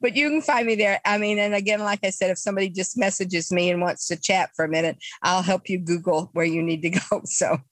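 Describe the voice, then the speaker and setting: Expressive older woman guest. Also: on the low side, fairly quick, hardly any pauses, no echo. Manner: expressive, trails off in broken phrases. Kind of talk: casual chat.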